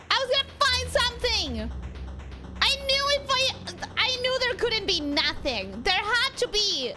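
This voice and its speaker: Very high-pitched excitable woman streamer. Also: a little slow. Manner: excitable, jumpy, repeats herself when startled; greets chat viewers by name. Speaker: streamer playing a video game. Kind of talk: live gameplay commentary. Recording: game music playing behind.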